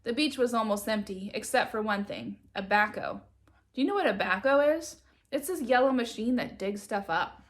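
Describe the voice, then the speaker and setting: A woman reading a children's book aloud with lively, expressive storytelling. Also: medium pitch. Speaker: reader.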